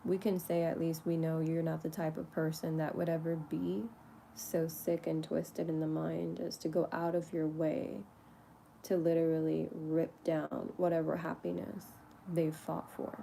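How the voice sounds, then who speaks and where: A woman's voice: deep voice, flat delivery, measured pace, vocal fry, slight background noise. A woman speaking casually and candidly to the camera in a spiritual vlog, swearing freely and laughing often. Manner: talks to herself lovingly in soft asides. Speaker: spiritual vlogger.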